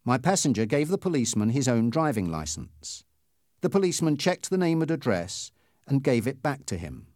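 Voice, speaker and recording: A man's voice: normal speed, no room sound, studio quality. A man narrating a story aloud in the first person. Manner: lively storytelling with wide pitch swings. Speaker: audiobook narrator.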